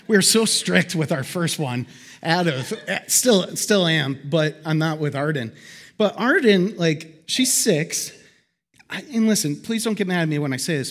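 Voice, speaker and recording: A pastor preaching a sermon to his congregation in a lively, conversational way. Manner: animated, conversational preaching with big swings in pitch. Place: church hall before a congregation.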